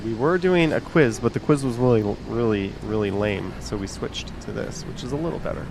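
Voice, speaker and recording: A man's voice: medium pitch, fairly quick, gravelly. A man hosting a casual live stream, joking and reading out viewer comments. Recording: loud street crowd and traffic noise.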